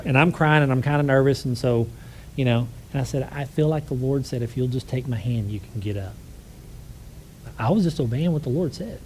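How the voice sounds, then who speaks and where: A man's voice: medium pitch, a little fast, darkish tone, slight background noise, low-quality recording. A man preaching to a congregation, telling a personal story in a conversational way and closing in prayer. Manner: conversational storytelling, acts out quoted voices.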